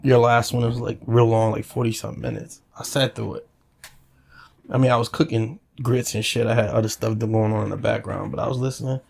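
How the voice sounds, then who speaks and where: Gravelly man ranting casually. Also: medium pitch, fairly even intonation, brisk, darkish tone, a little hiss or hum. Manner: rambling, profane, repeats fillers. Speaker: channel owner. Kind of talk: casual direct-to-camera rant.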